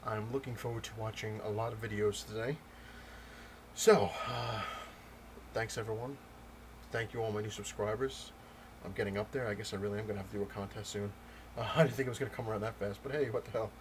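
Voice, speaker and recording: A man vlogging about comics, telling a story in a loose, rambling way with many pauses and restarts. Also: lowish voice, steady tone, noisy background. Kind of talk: casual storytelling rant.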